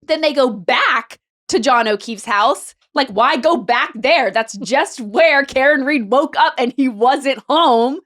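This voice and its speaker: Woman, higher voice, breathless true-crime storyteller on a chat podcast. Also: lively intonation, takes it slowly, few pauses, a bit bright. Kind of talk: casual chat.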